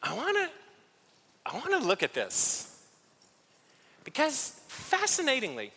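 A man's voice: very high voice, huge pitch swings, slow pace, creaky, bright, forceful tone, slightly rough, big-room sound. A man preaching a conversational sermon as pastor, acting out little scenes and poking fun at himself. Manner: conversational, self-deprecating, acts out little scenes.

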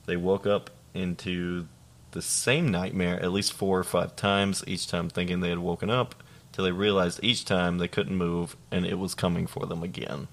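A young man co-hosting a podcast, reading listener stories aloud in a casual, deadpan way, swearing freely and laughing now and then. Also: sits low, normal speed, gravelly. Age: young adult.

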